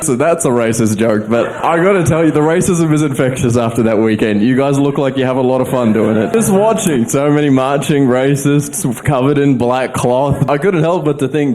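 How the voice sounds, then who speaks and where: A man with an Australian accent doing a stand-up comedy set on stage before a live audience, delivering wry, deadpan jokes and acting out quotes. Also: medium pitch, normal speed, hardly any pauses.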